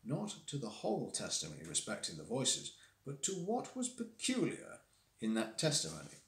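A man voicing a cool, analytical gentleman detective who reasons aloud in a measured, lecturing manner, read from a classic story on a livestream. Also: mid-range voice, huge pitch swings. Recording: roomy echo.

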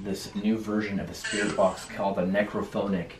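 A young man with a low voice vlogs a night of ghost hunting in a hotel room. He talks in hushed tones and then calls out loudly to spirits. The room is echoey and there is clear noise behind him. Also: level tone, a little fast. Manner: hushed then suddenly loud, calling out to spirits. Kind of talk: casual ghost-hunting vlog.

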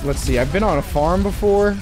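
A man's voice: high voice, fairly quick, over music. An American man hosting a casual voice chat while gaming, chatty and laughing often, on a headset mic. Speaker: streamer host.

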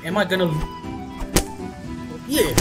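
Exasperated gamer commentary; slow and halting, then loud outbursts, with game music behind. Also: medium pitch, expressive, poor audio. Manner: exasperated, shouting in frustration. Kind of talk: gameplay commentary.

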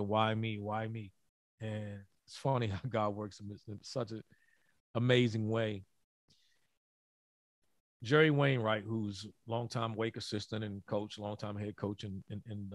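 A middle-aged man, a former college basketball player, telling an earnest story in a podcast interview, often halting and repeating words. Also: fairly low pitch, a bit bright, no room sound.

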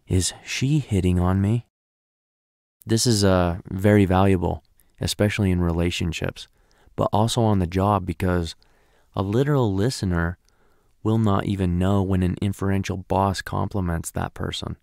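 Deep, gravelly male trainer. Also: fairly even intonation, moderate pace, a little mellow, dry recording, studio quality. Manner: conversational, keeps checking in with "right?". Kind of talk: recorded lecture.

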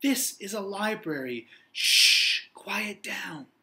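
A man's voice: high voice, big pitch swings, slow, pushed and bright, exaggerated voice. A man voicing a stern, bold woman librarian who speaks firmly and primly in a storybook read-aloud. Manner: firm, prim, matter-of-fact.

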